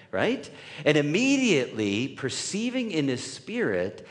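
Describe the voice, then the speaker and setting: A pastor preaches conversationally in a voice on the high side, with huge pitch swings and a measured pace. He often checks in with the room by asking "right?", and the hall is reverberant.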